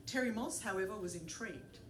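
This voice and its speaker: A woman's voice: mid-range voice, a little fast, far from the mic. A woman from Australia, telling a personal story and doing voices for the people in it. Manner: animated, puts on voices for the people in the story, laughs along. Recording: echoey room with faint noise.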